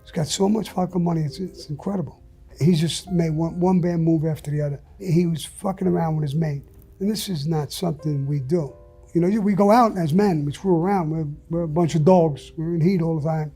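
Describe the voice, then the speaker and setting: A man's voice: a little high, steady tone, brisk, warm tone, husky, soft background music. An older man telling stories as an interview guest, blunt and profane, acting out what people said. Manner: blunt and profane, acts out quotes. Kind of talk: storytelling in conversation.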